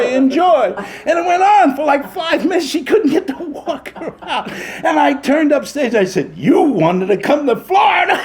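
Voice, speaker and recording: An older man telling theatre anecdotes as an interview guest, acting out other people's voices and laughing often. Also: sits high. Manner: animated raconteur, acts out voices, laughs often. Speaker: interview guest, veteran stage actor. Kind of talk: anecdotal storytelling.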